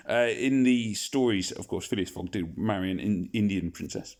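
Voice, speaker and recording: Chatty guy playing a mobile game, low voice, goofy asides about his own bad accents. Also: quick pace, a little mellow. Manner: rambling, jokey, self-deprecating. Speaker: gaming video host. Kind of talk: casual game commentary.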